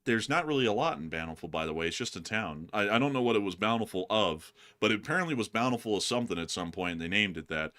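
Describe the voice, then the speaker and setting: Meet a young man hosting a loose chat show, his voice bright and ringing as he rambles from one joke to the next. His pitch swings widely, rising and falling with each quip, and he laughs often along the way. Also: expressive, fast talker, few pauses. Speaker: show host. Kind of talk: casual chat.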